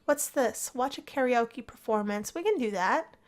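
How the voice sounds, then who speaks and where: A woman talks her way through a life-simulation game in a casual, chatty commentary. Her voice sits a little high, and she gets excitable and gushing over the story as it unfolds. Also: moderate pace. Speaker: gameplay narrator. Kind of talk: casual let's play commentary.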